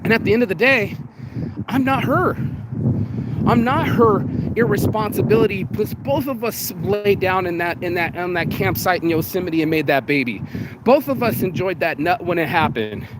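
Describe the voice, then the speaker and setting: A man's voice: sits high, animated, normal speed. A man giving a blunt, profane, emotional motivational monologue outdoors in the rain. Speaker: vlogger. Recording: noisy outdoor street recording. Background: rain and passing traffic.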